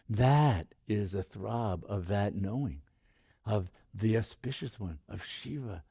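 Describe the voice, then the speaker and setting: A man, a meditation teacher, giving a guided meditation talk, speaking slowly and softly and repeating phrases like a chant. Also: on the low side, animated, vocal fry, husky, no room sound, clean studio sound. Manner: slow, soft-spoken, repeats phrases like a chant.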